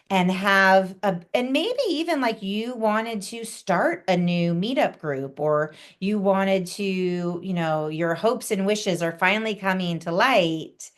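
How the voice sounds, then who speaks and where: Woman, astrologer guest; casual, conversational podcast read, animated asides. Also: mid-range voice, takes it slowly, few pauses. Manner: chatty, acts out quoted reactions.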